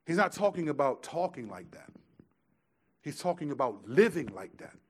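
A man preaching a sermon as pastor, emphatic, shifting from hushed lines to loud ones, with casual conversational asides. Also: a little high, sing-song, normal speed, husky. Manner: emphatic, swings between quiet and loud.

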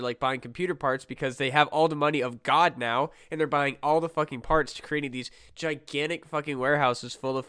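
A young man hosting a podcast, ranting and swearing through a casual chat. His voice sits a little high and comes through smooth and resonant, with a dry, close sound. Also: a bit bright, no room sound. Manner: ranting, heavy swearing, many restarts. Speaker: podcast host.

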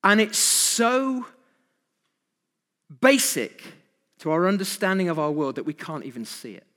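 Preacher with a lively voice. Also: male voice, high voice, measured pace, long reverb tail. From Britain. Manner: rhetorical questions to the congregation, emphatic. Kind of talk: evening sermon.

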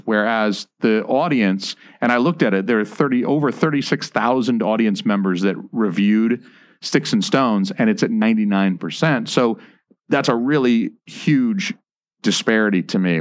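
A rambling male podcast host, lower voice. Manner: rambling storyteller, lots of "like". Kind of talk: casual chat.

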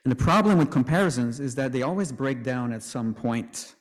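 A man's voice: mid-range voice, animated, fairly quick, in a large hall. A man preaching a sermon in a conversational way, with joking asides.

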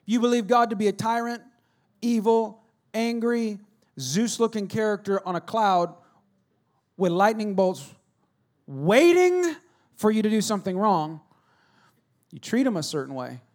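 A middle-aged man preaching a sermon as a pastor, telling stories with humor and swinging between loud and hushed delivery. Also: high-pitched, animated, a little slow.

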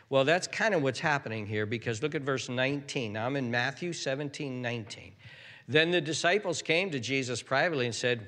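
A man preaching a sermon. He talks in an animated way, often restarts his sentences, and acts out the quotes. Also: medium pitch, a little fast, in a large hall. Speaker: pastor.

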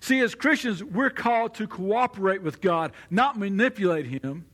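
A man's voice: high-pitched, animated, normal speed, fairly bright tone. A man preaching a sermon in a conversational way, now and then acting out the voices of the people he quotes. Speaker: pastor.

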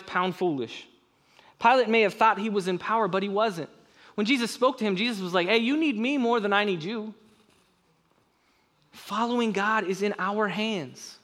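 A young man preaching a sermon, earnest and conversational, with quick casual asides. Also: high voice, fairly bright tone. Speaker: pastor.

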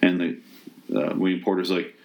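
A man tearing into a movie in a loose, rambling rant, dropping curses and sarcastic asides. His voice sits slightly low, and he keeps stumbling over restarts as his exasperation builds. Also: little pitch movement, unhurried, creaky, a little mellow. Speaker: movie reviewer. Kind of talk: casual spoken rant.

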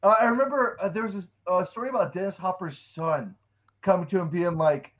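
A man's voice: high-pitched, brisk, muffled recording. A man in casual chat, trading crude jokes and blunt banter.

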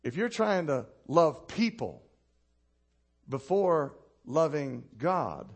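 A male pastor preaching a sermon who tells stories with animation, laughs at his own anecdotes, drops low and quiet to land a point, and asks the congregation for responses. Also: big pitch swings, slow pace, breathy edge.

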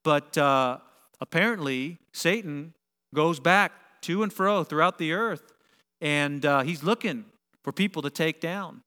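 Animated man preaching in a reverberant hall. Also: fairly high pitch, unhurried, smooth. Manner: animated, builds to emphatic peaks. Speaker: pastor. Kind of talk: sermon. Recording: long reverb of a large hall.

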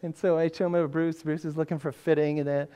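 A man's voice: a little high, level tone, fast, dark tone, smooth. Older male pastor, sermon, chatty storyteller who laughs at himself. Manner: conversational storytelling, self-deprecating humor.

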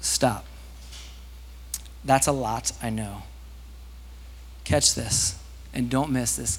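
A pastor giving a sermon in a lively, conversational way, with loud, rising peaks. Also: male voice, mid-range voice, extremely slow, creaky, long pauses, breathy edge. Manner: animated, conversational preaching that rises to loud peaks. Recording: long hall reverb.

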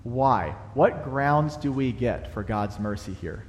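A young adult man preaching a sermon in a church, animated, building to emphatic peaks as he explains a passage. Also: medium pitch, slow pace, slight background noise. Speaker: pastor. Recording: long hall reverb.

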